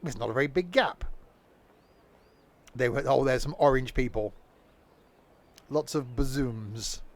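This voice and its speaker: A man's voice: mid-range voice, expressive, normal speed. A man giving live gameplay commentary as a streamer, rambling and joking to himself as he plays. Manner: rambling, jokey talking to himself. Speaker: game streamer.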